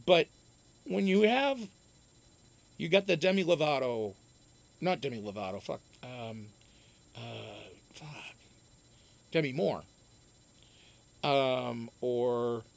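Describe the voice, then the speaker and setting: Speaking slowly in a creaky, expressive mid-range voice, a man pauses often as he reads viewer chat aloud on a live stream. His replies are casual, rambling, profane and keep restarting.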